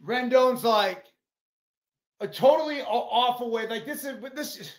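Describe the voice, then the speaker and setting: A man's voice: extremely high pitch, animated, moderate pace, roomy sound. A man co-hosting a casual sports chat, explaining plays in a loose, profane way.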